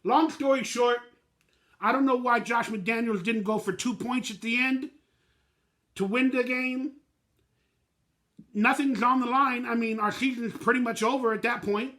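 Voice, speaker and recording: A man's voice: very high voice, fairly even intonation, measured pace, pauses often, sharp tone. A man hosting his own fan channel, giving a blunt, emotional postgame reaction rant in plain slangy talk.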